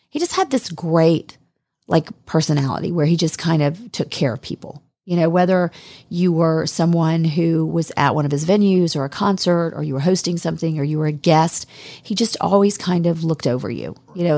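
A woman's voice: sits low, expressive, a little fast, darkish tone, dry recording, studio quality. A woman chatting casually on a podcast, reminiscing about a friend with many fillers and restarts.

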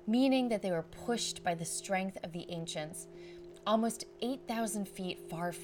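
A woman's voice: mid-range voice, unhurried, soft background music. Reflective woman narrating a travel story. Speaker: podcast host.

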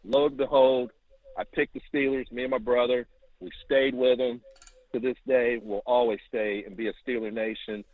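A man calling in to tell a long story, animated and acting out quotes, heard over the phone. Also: moderate pace, dry recording. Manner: animated, acts out quotes with rising pitch. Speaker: caller. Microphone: telephone. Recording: tinny phone line.

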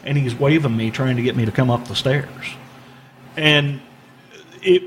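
A man's voice: medium pitch, fairly even intonation, unhurried. A man in a middle-range voice tells a strange personal story as a podcast guest, circling back and repeating himself as he goes. A faint noise sits underneath the recording. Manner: rambling, repeats words, laughs at bizarre moments. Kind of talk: casual storytelling.

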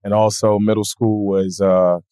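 A man being interviewed, telling stories in a relaxed, lively way and acting out other people's voices. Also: lowish voice, a little slow, smooth, no room sound, clean studio sound. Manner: animated, acts out voices in his stories. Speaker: comedian guest. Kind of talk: casual interview storytelling.

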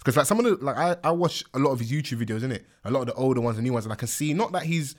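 Lisping man, lively voice. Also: mid-range voice, racing. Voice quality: lisp. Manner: slangy, laughing, rambling banter. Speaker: podcast host. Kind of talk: casual chat.

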